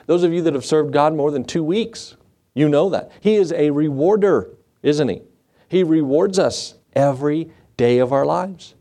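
A man's voice: on the high side, moderate pace, warm tone. A man preaching a sermon, folksy and full of questions to his congregation. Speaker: pastor.

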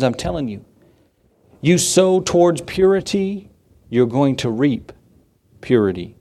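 A man's voice: fairly high pitch, darkish tone. A male pastor preaching a sermon conversationally, repeating key phrases for emphasis and adding humorous asides.

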